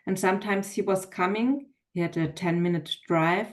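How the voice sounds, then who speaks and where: A woman's voice: lowish voice, moderate pace. A woman podcast host sharing a personal story in a thoughtful, hesitant way with many fillers. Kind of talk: casual interview talk.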